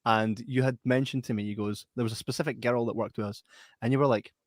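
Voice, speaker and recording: A Scottish man co-hosts a podcast in casual chat, his mid-range voice moving at a quick pace. He's an animated storyteller who laughs often and acts out voices. The recording is studio quality with no echo.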